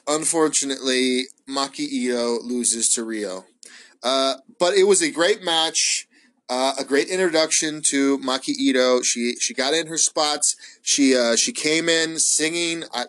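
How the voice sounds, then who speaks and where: A man hosting his own show, rambling casually and excitably, swearing often and stumbling through fillers. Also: mid-range voice, slow pace. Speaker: wrestling podcast host. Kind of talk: casual solo ramble review.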